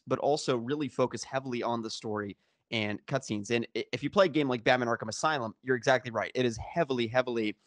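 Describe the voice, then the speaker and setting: A man's voice: mid-range voice, no echo. Rambling man in a dry close mic. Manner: rambling, restarts often, sarcastic asides. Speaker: podcast co-host. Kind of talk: casual discussion.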